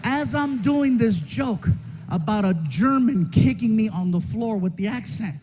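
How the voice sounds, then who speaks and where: A male stand-up comedian telling a story on stage in an animated way, breaking into shouts and character voices. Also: sits high, unhurried. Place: comedy stage before a live audience. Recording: stand-up recording with audience noise.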